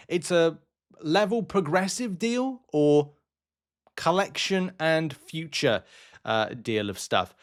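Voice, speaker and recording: A man hosting a gaming channel, giving blunt, rambling advice in casual news commentary. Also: on the high side.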